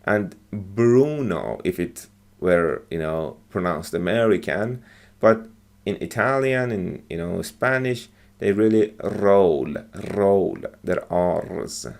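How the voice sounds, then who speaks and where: A man teaching English as he explains phrases from film clips, talking in a hesitant, halting way with many fillers and restarts. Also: low voice, gravelly.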